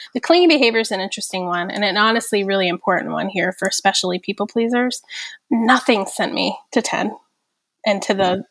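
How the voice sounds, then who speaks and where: A woman's voice: medium pitch, fairly bright tone, dry recording. A woman in her thirties, a therapist speaking earnestly and reflectively in a podcast conversation, often tagging "right?" and "like". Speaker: therapist guest.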